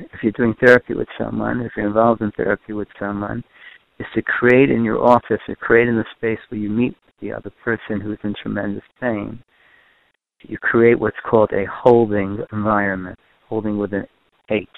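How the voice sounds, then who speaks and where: A man with a low, gravelly voice lectures on family and parenting, circling back to repeat and rephrase his points. His delivery stays fairly level in pitch. The sound is tinny and narrow, like a phone line, and close and dry. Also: no room sound. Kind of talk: recorded lecture to a group.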